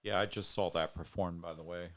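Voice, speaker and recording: A man's voice: deep voice, fairly even intonation, fairly quick, fairly bright tone. A man hosting a casual talk show, speaking earnestly and at length straight to his viewers. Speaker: show host.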